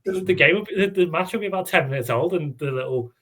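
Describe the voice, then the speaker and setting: A man co-hosting a casual fan podcast, talking in an animated way and laughing often. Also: fairly high pitch, quick pace. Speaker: podcast co-host. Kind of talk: casual chat.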